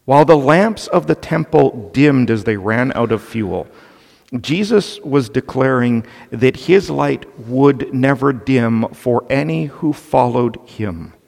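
A man preaching an expository sermon, slow and deliberate, stressing key points with emphasis. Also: medium pitch, lively intonation, creaky, darkish tone. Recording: long reverb of a large hall.

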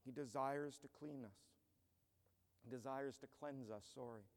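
A man's voice: medium pitch, a little slow, long reverb tail. A man pastor preaching an earnest, emphatic expository sermon in a church.

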